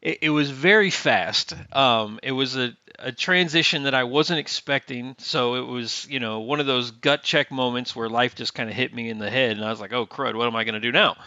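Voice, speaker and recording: Middle-aged man, bright forceful voice, animated storyteller voicing other people's lines, muffled lo-fi sound, dry. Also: medium pitch, moderate pace, few pauses, no echo. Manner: lively storyteller who acts out quoted dialogue. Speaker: guest, Navy veteran. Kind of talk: casual storytelling interview. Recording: dull lo-fi remote audio.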